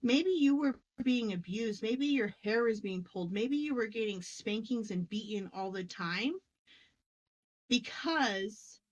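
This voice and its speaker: A woman talking about inner healing in a casual teaching conversation, emphatic and lively, acting out quoted voices as she goes. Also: on the high side, measured pace, lo-fi sound. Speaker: spiritual teacher.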